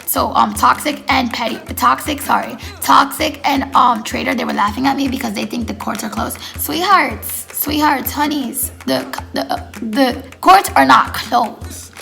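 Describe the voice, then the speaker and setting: A woman tells a casual storytime in a gravelly, slightly high voice. She rambles and leans on fillers, slipping into quoted dialogue as she goes. Faint music plays behind her. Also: steady tone, moderate pace, hardly any pauses, pushed and bright. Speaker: storytime vlogger.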